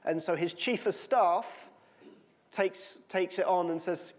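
A man's voice: high voice, takes it slowly, in a large hall. A man from the United Kingdom preaching a sermon in a casual, chatty way, quoting with emphasis.

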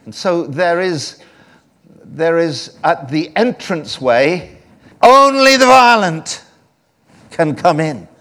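A man preaching a sermon from England, animated and swinging between soft and loud delivery. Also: medium pitch.

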